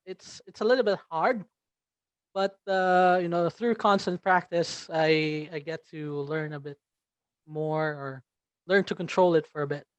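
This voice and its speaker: A man's voice: sits high, clean tone, no echo. A man from the Philippines with a Filipino accent, an English teacher speaking as a guest in an interview, hesitant with many fillers and restarts. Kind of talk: interview conversation.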